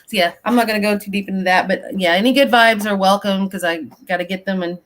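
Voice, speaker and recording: A middle-aged woman speaks as a guest on a chat show. She tells personal stories in a loose, rambling, animated way, at an ordinary mid pitch. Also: fast. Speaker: paranormal investigator guest. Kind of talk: casual chat, personal storytelling.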